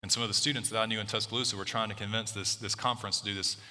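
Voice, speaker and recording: A man's voice: fairly low pitch, steady tone, very fast, bright, forceful tone, long reverb tail. A man preaching a sermon in a loose, conversational way, often restarting his sentences and using filler words. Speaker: pastor.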